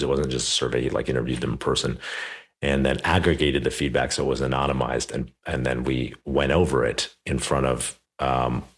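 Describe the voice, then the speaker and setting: A man's voice: very deep voice, slightly rough. A man in his thirties hosting a podcast interview, telling a story in a chatty way full of fillers. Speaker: podcast host. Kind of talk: casual conversational interview.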